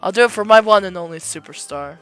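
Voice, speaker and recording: Woman voicing a soft-spoken, clingy monster fan. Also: mid-range voice, fast talker, clear, resonant tone, no room sound, faint music behind, natural voice. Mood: devoted. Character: obsessive, clingy young male monster fan.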